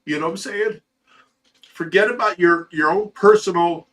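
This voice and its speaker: A middle-aged man hosts a casual livestream, reading viewers' messages aloud and answering with blunt, profane, earnest advice about being a father. His voice sits fairly high and sounds bright and forceful. He is heard from a bit away from the microphone. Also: normal speed, distant mic. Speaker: livestream host reading chat.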